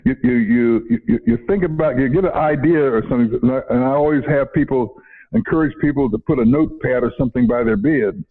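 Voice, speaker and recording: A man's voice: medium pitch, a little fast, slightly rough. Rambling older man on a phone line. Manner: rambling, repeats words, chuckles often. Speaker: interview guest, retired educator. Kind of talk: casual interview storytelling. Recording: phone-like narrow audio.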